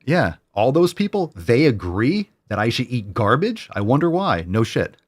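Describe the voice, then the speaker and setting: A man's voice: medium pitch, very animated, normal speed, husky. A man hosting a solo commentary show, ranting in a heated, sarcastic, profane way and repeating phrases for emphasis. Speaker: podcast host.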